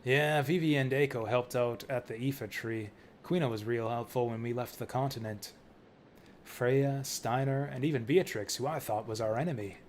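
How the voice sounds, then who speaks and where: A man reading the lines of a laid-back, reassuring young thief from a game, in his own mid-pitched voice. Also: normal speed, slight background noise, lightly acted.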